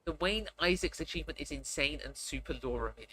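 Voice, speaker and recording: Animated, self-mocking streamer with a bright tone, reading game narration over faint music. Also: medium pitch, fast, few pauses. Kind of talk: gameplay commentary and reading game text aloud.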